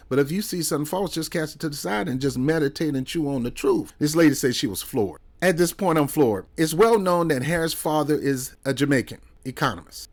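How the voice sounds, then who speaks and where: A man giving casual political commentary in a heated, rambling way, full of sarcastic asides and repeated questions. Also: medium pitch.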